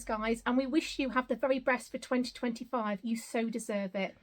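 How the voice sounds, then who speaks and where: A middle-aged woman from the UK, talking casually and gratefully as she unboxes gifts at home for her vlog, often exclaiming. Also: sits high. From United Kingdom. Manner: gushing, grateful, repeatedly exclaiming. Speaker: vlogger. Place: home, indoors.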